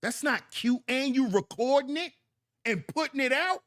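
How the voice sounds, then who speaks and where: Livestream host, high-pitched man, very animated delivery, preachy and repetitive. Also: moderate pace. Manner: preachy, emphatic, repeats lines for effect. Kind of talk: livestream commentary reading chat.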